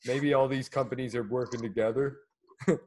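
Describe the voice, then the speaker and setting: A man's voice: medium pitch, fairly even intonation, moderate pace, a little mellow. A man co-hosting a casual chat, reading news aloud and cracking crude jokes, laughing often. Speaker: podcast co-host.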